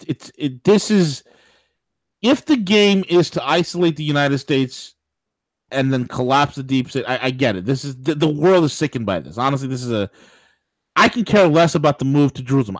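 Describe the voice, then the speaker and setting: A male talk radio host with a fairly high voice that swoops up and down a great deal as he rambles through political commentary. He breaks into laughing asides, and the sound is dry and close. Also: no echo. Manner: animated, digressive, laughing asides.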